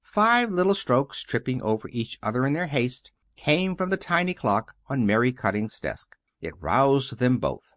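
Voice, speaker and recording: Expressive male audiobook narrator. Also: medium pitch, unhurried, hardly any pauses, no room sound, studio quality. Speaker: audiobook reader. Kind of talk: scripted narration.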